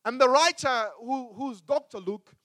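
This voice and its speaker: A man preaching a sermon as a pastor, with emphatic delivery that swings between loud and hushed. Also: very high voice, a little slow, no echo.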